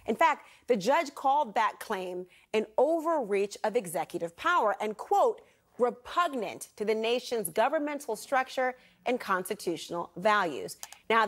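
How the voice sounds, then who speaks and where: Emphatic woman news anchor. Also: on the high side. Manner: pointed, emphatic delivery with rhetorical questions. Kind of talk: scripted news presentation. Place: television studio.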